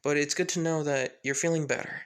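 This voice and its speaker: A man voicing a kind, warm middle-aged father who speaks gently and reassuringly, a little lower than his own voice. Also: fairly even intonation, a little fast, clear, resonant tone, lightly acted. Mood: comforting.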